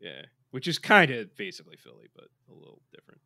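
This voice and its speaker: A man's voice: mid-range voice, huge pitch swings, quick pace, pushed and bright. A man co-hosting a podcast in casual chat, joking and playful, reading listener messages aloud. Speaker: podcast co-host.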